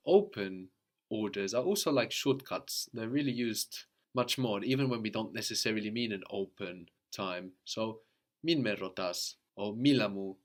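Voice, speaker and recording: A man teaching a guided language lesson, patiently prompting a student with questions and often checking with "no?". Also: on the low side.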